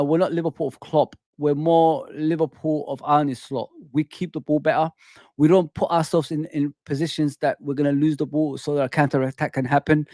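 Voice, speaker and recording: A man hosting a football fan live stream, chatting casually with his viewers and reading out their comments, slangy and repetitive, with frequent shout-outs. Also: a little high, no room sound, studio quality. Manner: repeats phrases and restarts often. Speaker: football fan channel host.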